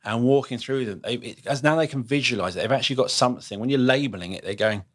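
A man hosting a podcast, reflecting aloud in conversation and often restarting his sentences. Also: medium pitch. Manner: thinks aloud with quick restarts and rephrasing. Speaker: podcast host.

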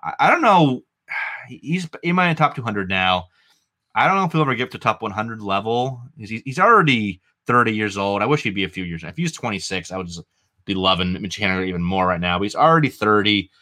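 A lower-pitched man with a bright, forceful tone and a New England accent talks through baseball numbers in loose podcast chat. He strings stats together with fillers and restarts. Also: brisk. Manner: animated, stat-heavy, rambling with fillers. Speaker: fantasy baseball podcast co-host.

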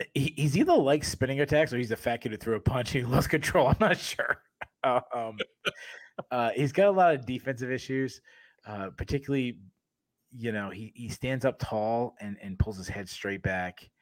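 A man's voice: mid-range voice, animated, normal speed, no echo. A man co-hosting a podcast, telling rambling stories in casual chat and laughing often between sentences. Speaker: podcast co-host.

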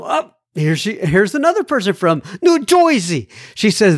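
A man's voice: sits high, sing-song, a little slow, no room sound, clean studio sound. A man hosting a podcast, reading listener letters aloud in a playful, chatty way and addressing each writer by name. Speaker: podcast host. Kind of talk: casual podcast chat reading listener mail.

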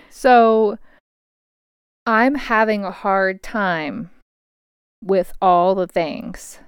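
A woman's voice: mid-range voice, slow, clean tone, no room sound, studio quality. A woman in her thirties talking frankly at her home desk, venting in a casual solo monologue and swearing freely.

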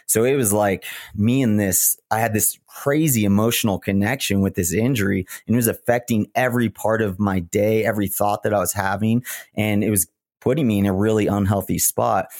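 A man with a lowish voice tells his story in an earnest, reflective way. He is a podcast guest. The sound is dry and close, with no room around it. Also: a little mellow, no echo. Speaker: guest, retired marathon runner. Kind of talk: podcast interview.

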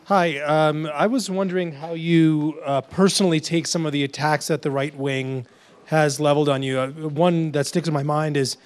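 A man's voice: fairly high pitch, fairly even intonation, moderate pace, smooth. A man in a festival audience asking the speaker a question, hesitant and polite. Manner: hesitant, polite, many uh fillers. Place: lecture hall audience.

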